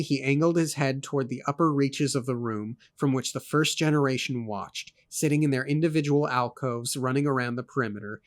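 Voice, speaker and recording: A man in a podcast readthrough, narrating a fantasy novel in an even, mid-pitched voice. He reads steadily and drops in wry comments between passages. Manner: steady narration broken by dry asides. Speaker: co-host reading a novel aloud. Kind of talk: reading aloud with commentary.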